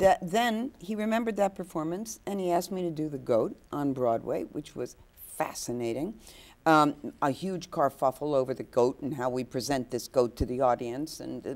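A woman's voice: a bass voice, darkish tone. A woman guest actress telling stories in a hesitant way, full of fillers and restarts, acting out the quotes. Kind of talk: anecdotal storytelling. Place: inn overlooking the ocean.

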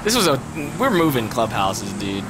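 A young man's mid-range voice swings widely in pitch at a normal speed as he streams a game. He banters casually with a friend, cursing, laughing and reacting out loud, and the audio is noisy.

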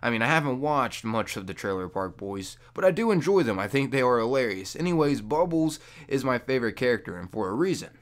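A young man making a casual gaming vlog into a microphone, loose and jokey, with loud high-pitched bursts when he mocks people. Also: expressive, fairly quick, few pauses. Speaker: gaming YouTuber. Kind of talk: casual talking-to-camera vlog. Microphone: desk microphone.

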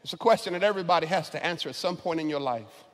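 A man preaching a sermon as pastor, often repeating words as he builds, and he rises into shouted climaxes. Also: a little high, racing. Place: large church sanctuary. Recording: long church reverb.

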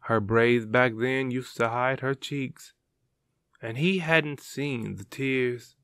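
Male narrator, slow, gravelly fry, dry close sound. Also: mid-range voice, a bit bright, dry recording. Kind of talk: audiobook story narration.

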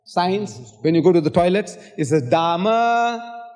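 A man's voice: high-pitched, moderate pace, warm tone. An older man from South Africa in a public debate, lecturing and quoting scripture at length, with sarcastic asides. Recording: old hall recording with long reverb.

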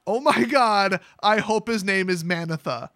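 A man's voice: high voice, measured pace, fairly bright tone, no echo, clean studio sound. A man sarcastically retelling a fantasy story, with rambling, mocking asides. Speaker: channel host.

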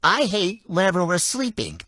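A man jokes about the ways his partner annoys him. He quotes her in exaggerated outbursts and keeps the tone playful. It sounds like relaxed banter between a couple. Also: high-pitched, normal speed, dry recording. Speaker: half of a couple, content creator.

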